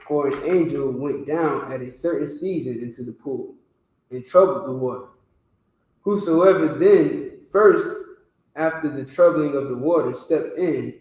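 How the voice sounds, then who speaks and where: A man with a fairly high voice reads scripture aloud very slowly, stumbling and restarting words along the way. He sounds distant, with a strong echo from the room around him. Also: mellow. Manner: halting reading with restarts. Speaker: scripture reader in class. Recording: very echoey room.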